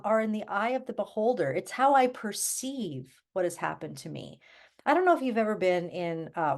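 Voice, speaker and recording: A middle-aged woman coaching her listeners through her own podcast. She speaks in an earnest, candid, conversational way, full of fillers and quick restarts, at an ordinary middle pitch. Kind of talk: solo podcast talk.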